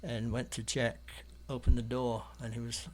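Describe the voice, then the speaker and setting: English man, artist guest, rambling anecdotes, ums and restarts, middle-pitched voice. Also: flat delivery, normal speed, darkish tone. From London, England. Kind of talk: anecdotal storytelling in an interview.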